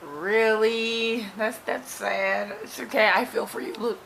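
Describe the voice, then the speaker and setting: A young woman vlogging casually about a book she is reading, animated and exasperated, talking with many fillers while she is losing her voice. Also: medium pitch, takes it slowly, vocal fry, slight background noise, poor audio. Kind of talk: casual reading reaction vlog.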